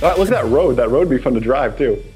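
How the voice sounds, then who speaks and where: A man's voice: medium pitch, animated, fast talker, darkish tone, faint music behind. A man co-hosting a live stream, easygoing and joking along in casual chat.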